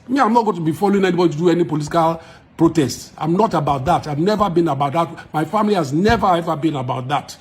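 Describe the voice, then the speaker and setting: A man with a Nigerian accent talks straight to camera, laying out his case with force and driving each point home by repeating it. His voice sits a little higher than most men's. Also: fast. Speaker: musician. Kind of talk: direct-to-camera address to followers.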